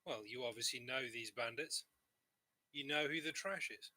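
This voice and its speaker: A man speaking in character during a tabletop game, his voice bright and sharp. He presses with puzzled, probing questions. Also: mid-range voice, normal speed. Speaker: player voicing his character. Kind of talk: in-character role-play.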